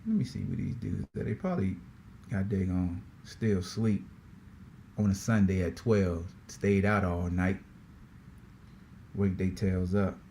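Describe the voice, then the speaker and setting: A man hosting a sports podcast in a casual, slangy, animated way, often repeating himself. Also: low voice, a little slow, creaky, long pauses, slight background noise. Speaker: podcast host.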